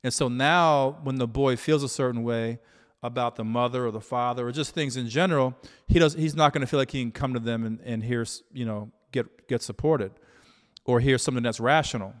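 Smooth-voiced man with a reflective delivery. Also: mid-range voice, steady tone, in a large hall. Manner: measured, reflective, many "you know" fillers. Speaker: relationship coach. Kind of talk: solo talk to camera.

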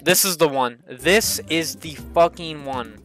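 A young man giving excitable, swearing commentary while playing a kart racing game, often jumping up into high yelps. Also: unhurried, faint music behind. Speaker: gaming channel host. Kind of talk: let's play commentary.

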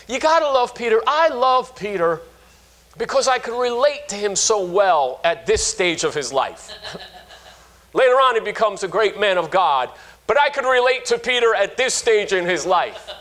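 High-voiced preacher in his fifties. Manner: animated storytelling with frequent restarts. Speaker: pastor. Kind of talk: sermon.

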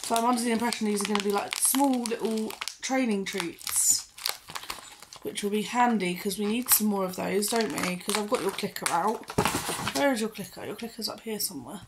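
A woman's voice: medium pitch, normal speed, noisy background. A woman vlogger chatting casually at home, reading out ingredient lists and giving her dog short commands, recorded on a phone. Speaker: pet vlogger unboxing dog treats. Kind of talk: casual chat while training her dog.

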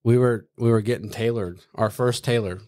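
A man's voice: mid-range voice, steady tone, normal speed, a little mellow. Profane, laughing storyteller man. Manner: profane, laughing while telling stories. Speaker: guest, Marine staff sergeant. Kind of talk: casual podcast chat, storytelling.

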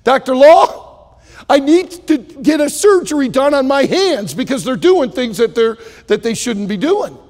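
A preacher playing a desperate pleading patient. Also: male voice, sits high, animated, moderate pace, vocal fry, long pauses, in a large hall, exaggerated voice. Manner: pleading, rising to shouts.

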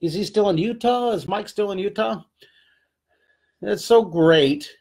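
A middle-aged man leads a casual live drawing lesson, chatting upbeat with his viewers while he sketches. His voice sits a little higher than most men's, and he rambles warmly between steps. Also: a little slow. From California. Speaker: drawing teacher.

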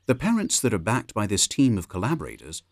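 Low-voiced male documentary narrator. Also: huge pitch swings, dry recording, studio quality. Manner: measured, informative delivery. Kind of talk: scripted wildlife documentary narration.

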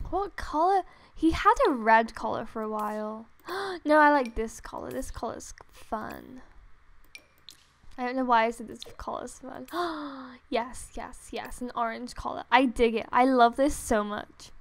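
Into a desktop USB mic, a young female gaming vlogger narrates her gameplay with a high, gravelly voice at a measured pace. She's gushing and thrilled, gasping and laughing to the point of near tears.

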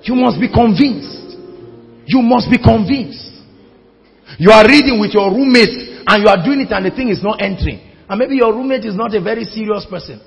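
A man preaching a sermon, switching between fiery shouts and hushed tones. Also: high-pitched, vocal fry, highs cut off. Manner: fervent, shouting and dropping to hushed tones, acting out quoted voices. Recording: large hall reverb with faint music.

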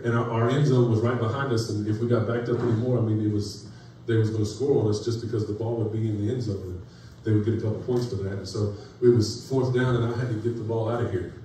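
A man's voice: fairly low pitch, mellow. A man preaching a sermon in a folksy way, telling stories and building to rising emphasis. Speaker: pastor. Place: church sanctuary. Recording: echoey church room from far off, faint noise.

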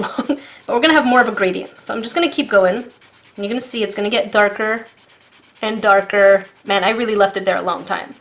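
Brief: young woman, casual unboxing vlog, bubbly and giggly, mid-range voice, faint hiss and pen scratching behind. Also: mid-range voice. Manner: excitable, bubbly, giggly, repeats herself. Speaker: art supplies vlogger. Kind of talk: casual unboxing and product demo.

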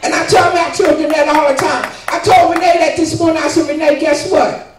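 A high-voiced older woman gives a fervent church testimony, pressing her point and asking her listeners "guess what" again and again. She is picked up from far off in a very echoey church, with faint music underneath. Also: steady tone, fairly quick, noisy background. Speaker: congregant giving testimony. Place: church sanctuary. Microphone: distant room mic.

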